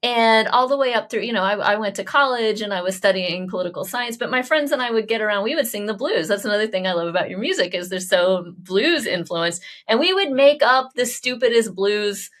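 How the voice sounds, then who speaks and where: Podcast host, woman, 40s, from Oklahoma, gushing and animated, mid-pitched. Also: quick pace, few pauses. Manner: animated, effusive, laughs often. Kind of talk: casual interview chat.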